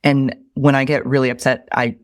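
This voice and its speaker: A woman's voice: a bass voice, little pitch movement, moderate pace, no echo, studio quality. A woman hosting a podcast, talking in an emphatic, impassioned way and swearing freely. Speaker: podcast host. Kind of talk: casual podcast conversation.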